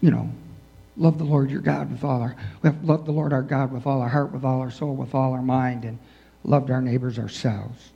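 A man's voice: medium pitch, fairly even intonation, moderate pace, gravelly, slightly rough. A man preaching a sermon in a church, talking conversationally with many "you know" asides. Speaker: pastor. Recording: dull sound with long hall reverb.

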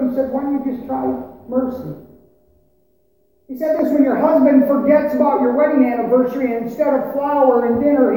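A woman preaching a conversational sermon, asking rhetorical questions and pausing for effect. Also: high voice, dark tone. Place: church sanctuary. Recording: echoey hall, mic at a distance.

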